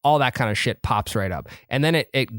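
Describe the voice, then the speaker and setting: A man co-hosting a casual golf podcast, animated and swearing freely as he tells stories. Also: mid-range voice, fairly quick, dry recording, studio quality. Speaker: podcast co-host.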